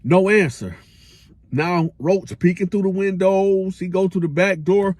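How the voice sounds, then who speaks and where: A man hosting a casual storytime, telling a prison tale in animated slang with his own sound effects. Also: sits high, normal speed, no room sound. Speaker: storyteller host.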